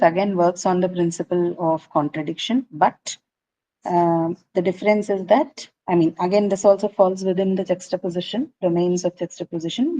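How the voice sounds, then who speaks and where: A woman's voice: lowish voice, dark tone, no echo, rough recording. A woman teaching a class, explaining figures of speech patiently and checking that students follow. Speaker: English literature teacher. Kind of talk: classroom lecture.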